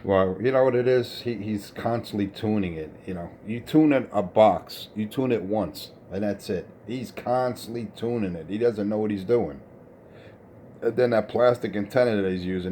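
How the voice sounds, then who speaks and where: A man's voice: lowish voice, moderate pace, warm tone, slight background noise. A man rants scornfully over CB radio about another operator's gear. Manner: scornful, insulting, technical ranting. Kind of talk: profane CB radio banter.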